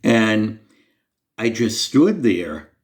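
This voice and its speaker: A man's voice: fairly low pitch, big pitch swings, very slow. A man telling a personal faith story to the camera in an earnest, conversational, self-deprecating way. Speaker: Christian storyteller.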